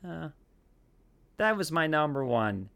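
A man's voice: mid-range voice, animated, normal speed, fairly bright tone. A man hosting a podcast, talking in a casual, rambling way with lots of restarts and asides. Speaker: podcast host.

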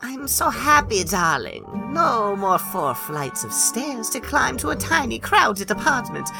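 A man's voice: extremely high pitch, big pitch swings, a little slow, gravelly, over music, full character voice. A man voicing an uneasy young housewife in a comic dramatic reading, with an odd put-on accent. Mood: cheerful.

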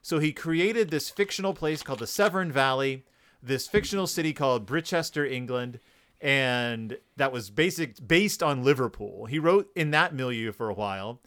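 A man co-hosting a casual podcast about a book, talking in an animated, joking way and putting on quick voices for quotes. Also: mid-range voice. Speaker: podcast co-host.

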